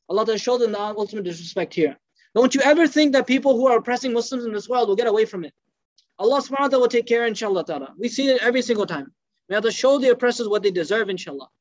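High-voiced guy rushing through a story lesson, acts out the quotes, dull lo-fi dry audio. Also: dry recording. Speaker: religious teacher. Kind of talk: storytelling lecture.

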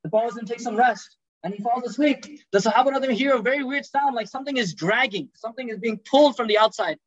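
Guy preaching, really high voice, talks fast, stumbles and restarts a lot, dull dry recording. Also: no room sound. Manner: animated storytelling, quick talk with repeated restarts. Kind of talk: sermon storytelling.

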